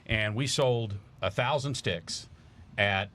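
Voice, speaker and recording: A man's voice: lowish voice, slow pace, fairly bright tone. A man talking casually on a podcast as a guest, telling an enthusiastic story with lots of fillers. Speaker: charity founder guest.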